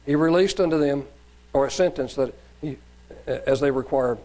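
A man's voice: medium pitch, moderate pace, a little mellow, rough recording. A man preacher reading Bible passages aloud and adding sermon comments, raising his voice for quoted cries, with some fillers and restarts.

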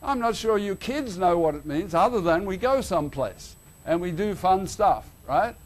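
An Australian man preaching a sermon to a congregation, animated and theatrical, dropping to a hush and then rising loud. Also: high-pitched, normal speed. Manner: animated, swings between loud and hushed.

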